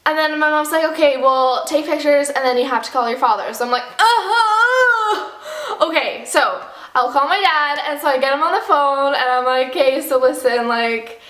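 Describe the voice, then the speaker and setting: Young woman vlogger, high and bright, dramatic storyteller, echoey room. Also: a little fast, few pauses. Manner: animated and dramatic, acting out quotes. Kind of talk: storytime vlog.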